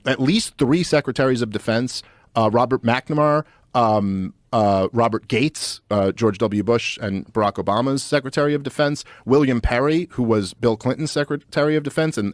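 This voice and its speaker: A man guesting on a talk show. He speaks in a mid-pitched voice with quick, excited phrasing and plenty of fillers and restarts. The sound is dry and close. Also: dry recording. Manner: fast, animated and full of fillers. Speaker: podcast guest. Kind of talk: casual political talk.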